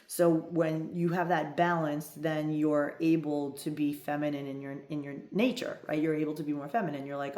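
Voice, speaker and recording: A woman's voice: sits low, flat delivery, moderate pace, few pauses, darkish tone. A woman in her fifties, a love coach, talking in a direct, emphatic coaching monologue and often checking in with "right?". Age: 50s. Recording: echoey room.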